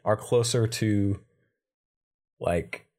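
Male podcast co-host, lower register, plain casual read-aloud of a ghost story. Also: extremely slow, a little mellow. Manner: reads a folk tale aloud with small slips and restarts. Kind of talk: casual chat and story reading.

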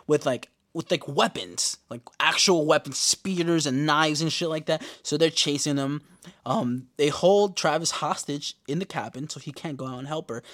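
A man hosting a podcast, giving a casual, profane episode recap and quoting characters in animated bursts. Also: fairly high pitch, dry recording, studio quality. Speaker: podcast host.

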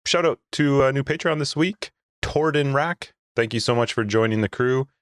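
A man's voice: mid-range voice, moderate pace, no echo. A man hosting a casual podcast, rambling and laughing easily into a close mic. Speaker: podcast host.

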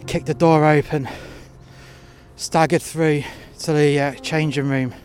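Faint music runs behind a man whose voice is a little high and a little mellow, with fairly even intonation. Out in the freezing cold, he angrily recounts a workplace incident in first person, blunt and full of profanity, slowing as he gets tired.

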